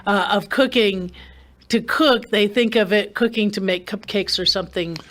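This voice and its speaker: A woman's voice: medium pitch, moderate pace, a bit bright. A woman hosting a gardening radio show, chatting casually with many restarts and fillers.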